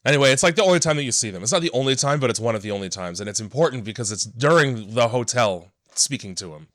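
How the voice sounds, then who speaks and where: A man's voice: medium pitch, lively intonation, fast, a bit bright, no room sound. Dry-voiced wry podcast guy. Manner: profane, wry, laughs easily. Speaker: podcast co-host. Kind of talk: casual movie discussion.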